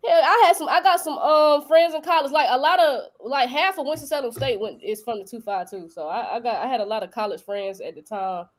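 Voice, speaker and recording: Young female host with a North Carolina accent, chatty and teasing, higher-pitched. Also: a little fast, hardly any pauses. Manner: animated, joking, slangy. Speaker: crypto show host. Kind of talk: casual live-stream chat.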